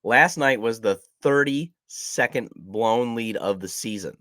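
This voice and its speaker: A man's voice: mid-range voice, measured pace, a bit bright, no echo, clean studio sound. A man hosting a casual sports podcast, chatty and self-deprecating, his voice nasal from a cold. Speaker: podcast host.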